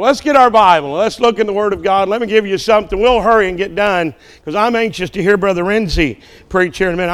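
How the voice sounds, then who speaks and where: A male preacher with a high, smooth voice, preaching at a church service. He talks in a folksy, joking way and keeps checking in with the congregation. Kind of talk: sermon with a told joke.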